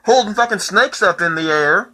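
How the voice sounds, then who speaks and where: A man in his twenties in a profane, heated personal rant that keeps rising into shouting. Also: on the high side, lively intonation, normal speed, rough recording. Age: 20s.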